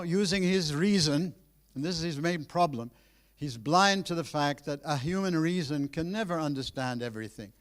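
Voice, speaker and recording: A man giving a university lecture, animated and emphatic, with frequent restarts, addressing his students directly. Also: on the high side.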